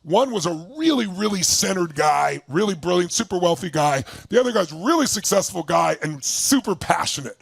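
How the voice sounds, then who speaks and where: A man with a raspy, gravelly voice telling a story to a live audience as a motivational speaker. He is emphatic and acts out quoted lines. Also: lively intonation, moderate pace, hardly any pauses, dry recording. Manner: emphatic, acts out quotes with big swings in pitch.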